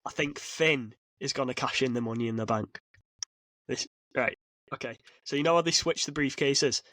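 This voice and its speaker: Excitable rambling man on a podcast mic. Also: medium pitch, normal speed, dry recording. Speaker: podcast co-host. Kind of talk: casual chat.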